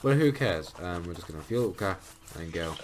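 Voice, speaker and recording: A young man with a deep, low voice rambles casually through a let's-play, thinking aloud and filling gaps with frequent ums. Behind him, his home microphone catches a constant hiss.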